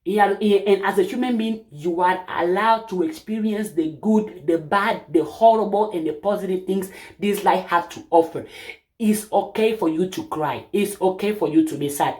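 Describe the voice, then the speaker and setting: A woman's voice: on the low side, normal speed, warm tone. Emphatic woman preaching self-help. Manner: emphatic, preachy, piles up rhetorical questions. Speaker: channel host. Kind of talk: opinion monologue to camera.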